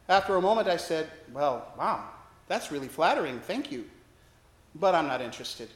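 A man's voice: fairly high pitch, sing-song, normal speed, roomy sound. A man preaching a sermon as a priest, telling a story with wry, self-deprecating humor.

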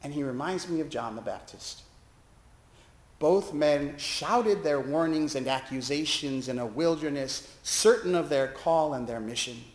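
A man's voice: a little high, unhurried, reverberant. A male pastor preaching a sermon, telling a hospital story and acting out the voices in it. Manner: expressive, acting out quoted voices. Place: church sanctuary.

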